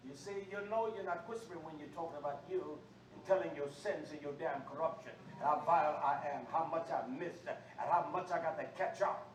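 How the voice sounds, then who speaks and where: Preacher, male, high voice, fiery call-and-response sermon, recorded far off in an echoey room with faint noise. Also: a little fast. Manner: preaching with call-and-response, swinging from low talk to shouting.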